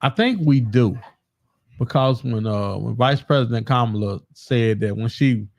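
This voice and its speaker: A man talking as a guest on a casual political talk show, relaxed and given to repeating his words. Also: medium pitch, unhurried, no room sound.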